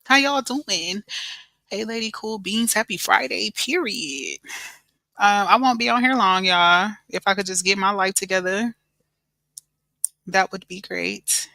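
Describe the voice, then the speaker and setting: A bright, forceful woman talks to viewers on her live stream. She sounds middle-aged, and her voice is close and dry. She is chatty, calls people "baby" and says "y'all" a lot. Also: medium pitch, measured pace, creaky, no room sound. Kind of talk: casual live-stream chat.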